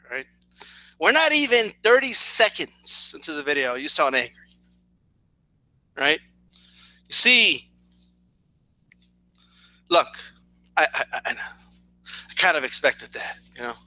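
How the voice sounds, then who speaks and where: A man's voice: on the high side, bright, forceful tone, no echo, rough recording. A man hosting a reaction video, talking in a mocking, sarcastic way with frequent stutters and restarts. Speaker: reaction channel host.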